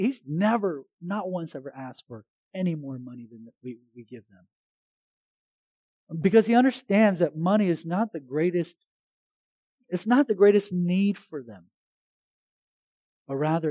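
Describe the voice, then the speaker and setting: A male pastor with a notably high voice delivers a sermon in a relaxed, conversational manner. He keeps the energy up and often restarts his sentences. The sound is dry and close, with little room in it. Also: no echo. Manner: conversational, animated preaching with restarts.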